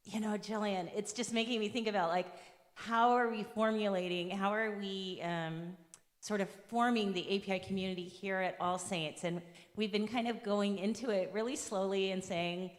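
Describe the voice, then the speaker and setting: A woman's voice: medium pitch, steady tone, normal speed, in a large hall. A woman moderating a church forum, laughing and thinking aloud as she frames her remarks.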